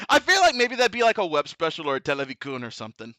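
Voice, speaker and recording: A man rambles through a goofy, profane stream chat, his voice hoarse from a sore throat. He talks high and bright, swinging up and down a lot, in a dry, close recording. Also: wildly swooping pitch, fast talker, dry recording. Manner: goofy, profane, laughs often. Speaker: vtuber host. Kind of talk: casual chat.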